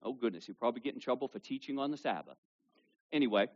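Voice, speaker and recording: A male pastor preaching a sermon to a congregation with kids present, reading scripture loudly and dropping low for asides. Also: lively intonation, quick pace, muffled recording. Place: church service with children present.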